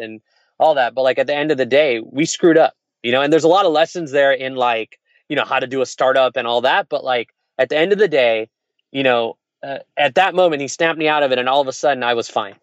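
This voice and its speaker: In a candid, meandering chat, a man who is an entrepreneur recounts a story from his own life, speaking quickly at medium pitch. No room sound is present, and the recording quality is dull and lo-fi.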